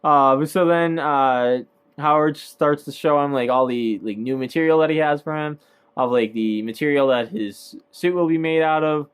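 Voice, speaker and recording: A man's voice: fairly high pitch, moderate pace, clear, resonant tone. Rambling man recapping a movie. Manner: rambling, filler-heavy, laughs at own points. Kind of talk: casual movie breakdown.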